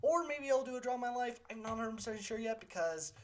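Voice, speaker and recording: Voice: mid-range voice, animated, fast talker. A channel host answering viewer questions in a casual, unscripted monologue, rambling and opinionated, with frequent fillers and self-corrections.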